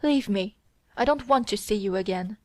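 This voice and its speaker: Cold, contemptuous young mistress read by a woman, commanding tone, mid-pitched, dry booth sound. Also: normal speed, darkish tone, no room sound, lightly acted. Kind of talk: audiobook character reading.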